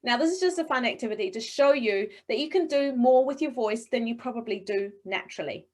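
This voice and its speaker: A middle-aged woman with a slightly high voice leads a webinar session for speakers. She sounds encouraging and expressive. The sound is that of a video call. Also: brisk. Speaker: presentation coach. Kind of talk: webinar coaching talk.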